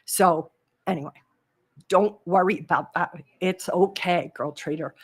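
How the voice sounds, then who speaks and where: A woman hosts a live coaching stream with a slightly husky voice. She talks in a chatty, animated way and answers viewers' comments as they come in. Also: on the low side, measured pace. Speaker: trading coach, live show host.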